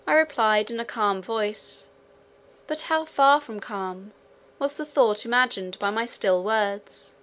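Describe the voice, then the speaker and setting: A woman reading first-person literary narration for an audiobook in a measured, earnest way. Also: a little high, a bit bright. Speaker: audiobook reader.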